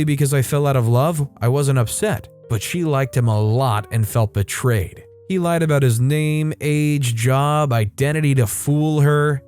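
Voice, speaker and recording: A man reads online stories in a scripted storytime delivery and drops casual, wry asides along the way. His voice sits somewhat high for a man. Faint music plays softly behind him. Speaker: story narrator.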